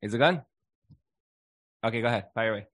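A man's voice: mid-range voice, brisk, dry recording. A man talking as a marriage counselor in a casual podcast chat, animatedly acting out what spouses say. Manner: animated, acts out quoted spouses.

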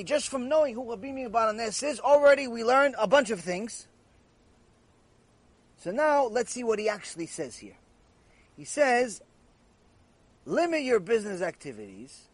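Male rabbi, high voice, dry close sound, animated storytelling lecture style. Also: dry recording. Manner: animated storyteller, repeats phrases, asks rhetorical questions. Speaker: rabbi teaching a lecture series. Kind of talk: Torah lecture with stories.

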